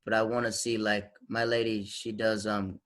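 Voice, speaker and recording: A man's voice: on the low side, moderate pace. A man in his thirties from the Southern United States, telling stories in casual podcast chat and acting out the quotes. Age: 30s. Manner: animated, acts out quotes, frequent restarts. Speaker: podcast host.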